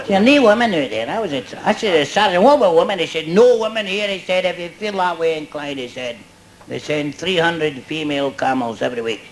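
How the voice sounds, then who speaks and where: A man's voice: fairly high pitch, lively intonation, fairly quick, rough recording. An older Scottish man doing a stand-up routine before a live audience, chatty and cheeky, laughing at his own jokes. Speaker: stand-up comedian.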